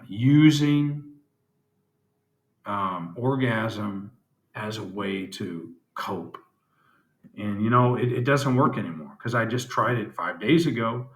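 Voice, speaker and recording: A man talking candidly to camera in a personal video diary, halting and reflective, with frequent pauses and fillers. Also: fairly low pitch. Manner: candid, plain-spoken. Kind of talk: personal confessional vlog. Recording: roomy echo.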